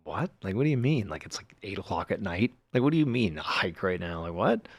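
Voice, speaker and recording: A man's voice: deep voice, very animated, a little fast, breathy edge, no echo, full character voice. A man voicing a young woman on a first date, speaking in a startled, questioning way.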